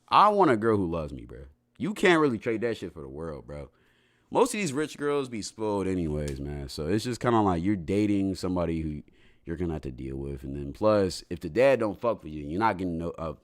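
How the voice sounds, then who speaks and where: A man's voice: sits low, fairly bright tone. A young man chatting casually on a livestream, answering his chat in a loose, slangy, rambling way full of restarts.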